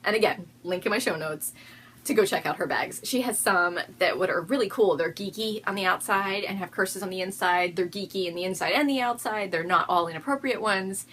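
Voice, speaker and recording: A woman's voice: medium pitch, a little fast, fairly bright tone, slight background noise. A woman hosting a casual video podcast, chatting in a bubbly way and often breaking into laughter. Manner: giggly, bubbly, prone to fits of laughter. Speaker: podcast host.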